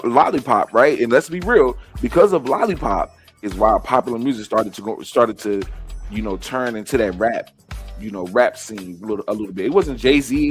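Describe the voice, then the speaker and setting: A man hosting a live gossip stream, ranting in heated, profane commentary straight to his viewers. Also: mid-range voice.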